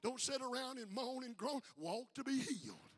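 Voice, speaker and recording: An older man preaching a fiery sermon, building from quiet talk to shouted peaks and calling out for responses. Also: very high-pitched, animated, normal speed. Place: church sanctuary with congregation. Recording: live hall with long reverb.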